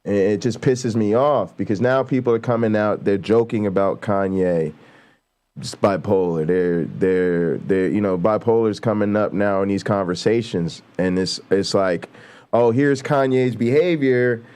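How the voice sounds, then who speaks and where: A man's voice: deep voice, steady tone, normal speed, darkish tone. A man hosting a casual livestream, talking bluntly and profanely and building to heated, emphatic outbursts. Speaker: show host.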